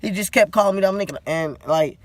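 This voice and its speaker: A man's voice: high voice, quick pace. Blunt, tired man venting on camera. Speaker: vlogger. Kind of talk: casual unscripted vlog rant.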